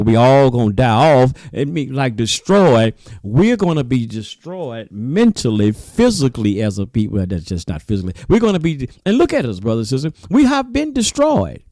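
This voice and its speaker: A man teaching in a sermon style, animated and repetitive, calling his listeners brothers and sisters. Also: medium pitch, normal speed, hardly any pauses, dry recording. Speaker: religious teacher.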